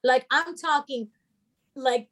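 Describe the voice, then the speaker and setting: Young woman, high voice, sassy and profane, casual story chat. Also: takes it slowly, fairly bright tone. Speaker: storyteller guest.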